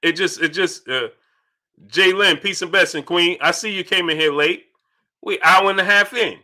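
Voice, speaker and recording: A young man hosting a casual live stream, reading viewer chats aloud and answering them in an animated way that repeats itself. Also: high voice, normal speed. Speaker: livestream host reading super chats. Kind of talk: casual livestream chat.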